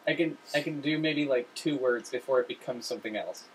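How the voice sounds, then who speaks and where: A man's voice: medium pitch, brisk. A man co-hosting a casual chat, self-deprecating and hesitant, laughing a lot. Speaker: co-host. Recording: distant room mic with faint noise.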